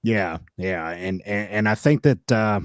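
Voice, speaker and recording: A man's voice: fairly low pitch, a little slow, no room sound. A man co-hosting a casual wrestling review podcast, laughing often and telling stories with energy. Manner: laughs often, animated storytelling. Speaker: podcast co-host.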